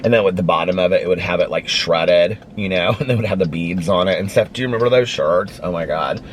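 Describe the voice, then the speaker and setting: A middle-aged man vlogging in a chatty storytelling way, acting out a friend's lines in a higher voice. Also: fast. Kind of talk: casual vlog chat. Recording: loud car and street noise.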